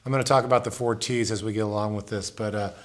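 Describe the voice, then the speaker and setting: A man giving a casual guitar lesson, explaining in a relaxed way and repeating words as he demonstrates. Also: fairly low pitch, quick pace. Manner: relaxed, thinks aloud, repeats words while playing. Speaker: guitar teacher. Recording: guitar music in the background. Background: acoustic guitar playing.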